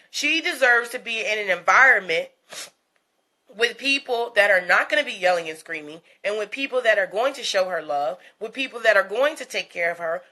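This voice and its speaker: A woman host delivers a gossip commentary rant in a bright, somewhat high voice. She is blunt and profane and mocks her targets, breaking into laughter again and again. Her dialect is African American English.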